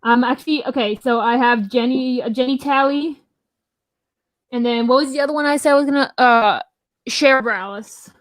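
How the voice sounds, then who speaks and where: A woman co-hosting a casual talk show, telling stories in a rambling, animated way full of restarts. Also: high voice, normal speed, dry recording, clean studio sound. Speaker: podcast co-host. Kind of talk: casual chat.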